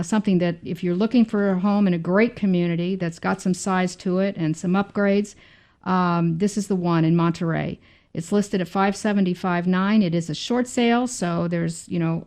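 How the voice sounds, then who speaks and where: A woman's voice: fairly low pitch, a little mellow. A woman on a radio real estate show describing a home listing in a chatty, admiring way. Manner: chatty, admiring, many fillers. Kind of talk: casual radio talk show.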